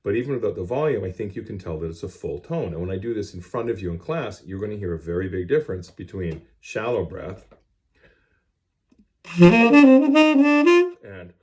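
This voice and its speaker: Direct, low-voiced male band teacher. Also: animated, quick pace, few pauses, mellow, faint music behind. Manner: plain-spoken, direct and instructive. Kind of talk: music lesson to students. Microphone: cell phone.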